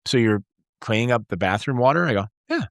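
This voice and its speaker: A man in his forties, a guest entrepreneur, telling stories in a casual interview and acting out bits of dialogue with lively energy. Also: medium pitch, a little fast, dry recording, clean studio sound. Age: 40s. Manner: energetic storyteller, acts out dialogue.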